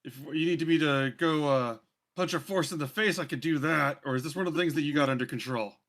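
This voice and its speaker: A woman's voice: low-pitched, a little fast, lightly acted. A man voicing a blunt, foul-mouthed townswoman and mother in a fantasy tabletop game, talking in a folksy drawl. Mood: offhand. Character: brash street-wise mother, crude and plainspoken.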